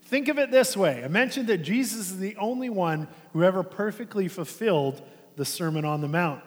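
A man preaching a sermon to his congregation, animated and conversational, dropping soft and slow to stress a point. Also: high-pitched. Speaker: pastor. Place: church sanctuary. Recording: long reverb of a church hall.

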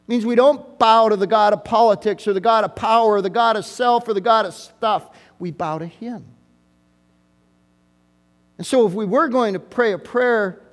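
Male pastor, sermon delivery, high-pitched voice, insistent and repetitive emphasis, long hall echo. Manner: emphatic, repeats key phrases for emphasis.

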